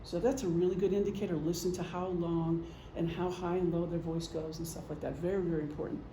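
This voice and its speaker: Middle-aged woman presenter, warm dark tone, joking and chatty, recorded in an echoey room. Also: lowish voice, level tone, quick pace, slight background noise. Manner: chatty, joking, acts out gestures. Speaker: presenter, retired police officer and veteran. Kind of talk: casual lecture.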